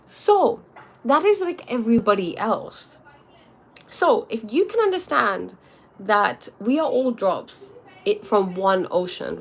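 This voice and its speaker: Chatty woman hosting a livestream. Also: medium pitch. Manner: chatty, often checks in with the audience. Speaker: spiritual livestream host. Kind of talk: casual livestream talk.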